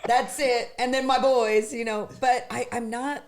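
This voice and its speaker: A middle-aged woman, a singer, chatting as an interview guest with lots of restarts and lively retelling. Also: a little high, a little slow, noisy background. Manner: chatty, animated storytelling with many restarts. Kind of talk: casual interview chat.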